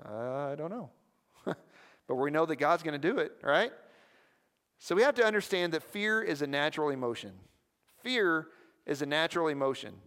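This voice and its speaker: A man preaching a sermon as pastor, lively and conversational, often prompting the listeners with questions. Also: on the high side, fairly quick. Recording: long hall reverb.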